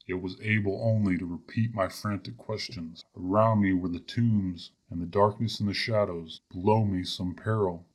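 Deep husky man narrating horror. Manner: measured, grave, ornate delivery. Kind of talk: dramatic radio reading of a horror tale.

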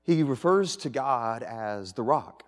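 A male pastor preaching a sermon to a congregation, animated, moving between loud emphasis and quiet asides and often restarting his phrases. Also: medium pitch, slow. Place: church sanctuary with audience. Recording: reverberant church hall.

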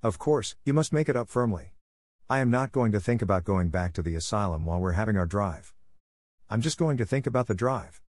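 A man's voice: lowish voice, expressive, brisk, a little mellow, no room sound, clean studio sound, natural voice. A man reading the part of an eager, dreamy eleven-year-old orphan girl in an audiobook, in a gushing way.

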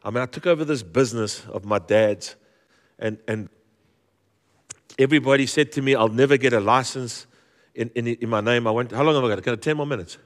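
A man preaching a storytelling sermon in a church, lively and joking, often repeating his words. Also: medium pitch, fairly quick. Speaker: guest preacher. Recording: long hall reverb.

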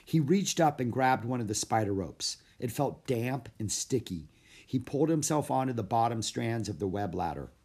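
A man reads a children's storybook aloud in a steady, measured voice. His pitch sits in an ordinary middle range. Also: breathy edge. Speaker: narrator. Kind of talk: storybook read-aloud narration.

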